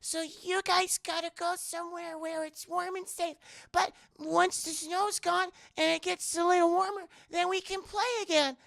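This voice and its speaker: A sweet little cartoon girl, talking to woodland animals in a high, sing-song falsetto, as a man puts her on. The voice keeps a gravelly edge and a bright, pressed tone under the put-on sweetness. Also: flat delivery, moderate pace, dry recording, heavily acted. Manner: sing-song, gentle and motherly toward animals. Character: sweet, cheerful little girl playing in the snow.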